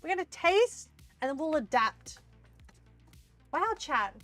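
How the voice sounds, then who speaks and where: Aussie woman cooking on stream, high voice, giggles a lot, jumps between thoughts. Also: big pitch swings, slow, a bit bright, soft background music. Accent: Australian. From Australia. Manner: giggly, scattered, chatty. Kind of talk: casual live-stream chat while cooking.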